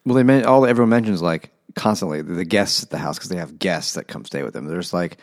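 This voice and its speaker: A man's voice: low voice, a little fast, hardly any pauses. A man co-hosting a casual, joking book discussion, swearing and laughing as he talks.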